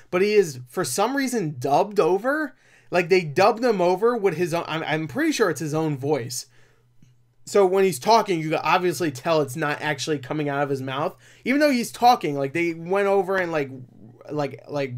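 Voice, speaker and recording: A man giving a casual movie review, rambling with lots of fillers and profane, exasperated outbursts. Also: on the high side.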